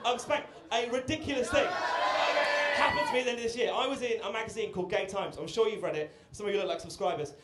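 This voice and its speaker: A man's voice: sits high, fast, noisy background. A young British man doing a stand-up set, cheeky and chatty, bantering with the audience in a comedy club. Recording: roomy club with loud crowd.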